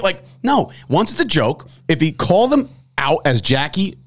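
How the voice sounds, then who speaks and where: Man, slightly high voice, emphatic, animated pitch swings, sports co-host. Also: fairly quick. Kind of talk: casual sports debate.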